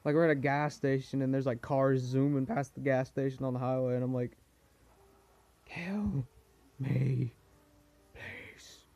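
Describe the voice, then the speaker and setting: A man's voice: medium pitch, completely flat delivery, brisk, hardly any pauses, darkish tone, smooth. A teenage boy with a cold and a cough, chatting and complaining in a rambling casual vlog, a pet cockatiel somewhere behind him. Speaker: vlogger.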